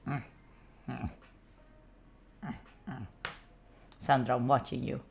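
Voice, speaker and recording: A woman's voice: very deep voice, steady tone, slow, creaky, darkish tone, slight background noise. A young Italian woman with an Italian accent, chatting casually and playfully with her viewers on a study live stream. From Italy. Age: young adult. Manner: chatty, playful, mock-indignant, frequent fillers.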